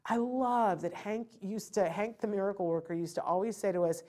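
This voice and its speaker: A middle-aged woman hosting a live talk show, giving parenting advice in a lively, animated way and acting out a child's point of view. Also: medium pitch, a little fast, hardly any pauses. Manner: animated, acts out a child's thoughts and parental lectures. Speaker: host.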